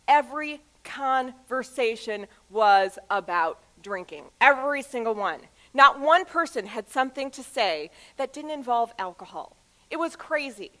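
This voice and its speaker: A woman in her thirties, a motivational speaker telling personal stories to a live audience with emphatic pauses. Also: a little high. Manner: expressive, animated storyteller with emphatic pauses. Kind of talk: storytelling talk to an audience.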